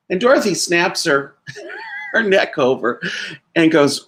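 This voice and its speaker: A man's voice: fairly high pitch, huge pitch swings, takes it slowly, a bit bright. A man giving a sermon as a minister, telling a story conversationally and laughing now and then.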